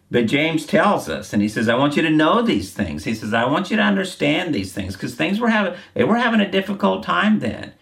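A man's voice: medium pitch, vocal fry, fairly bright tone. A man preaching a sermon, earnest and repeating key phrases for emphasis. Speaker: pastor.

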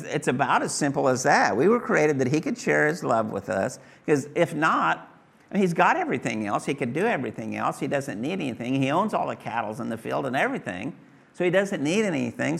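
A man's voice: mid-range voice, gravelly, a bit bright. A middle-aged man preaching a sermon to his congregation in a folksy, conversational way, repeating his phrases. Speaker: pastor. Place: church hall with congregation.

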